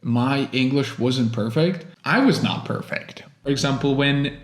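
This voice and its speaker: A man's voice: medium pitch, reverberant. A man from Russia with an American accent, a native Russian speaker, teaching English in an earnest, encouraging monologue. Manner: earnest, encouraging, deliberate phrasing.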